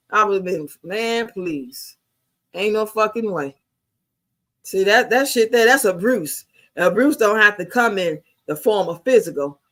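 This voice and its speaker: An American woman in her fifties telling stories in casual chat, blunt and heavily profane. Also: mid-range voice. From United States. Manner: blunt, profane, emphatic storytelling.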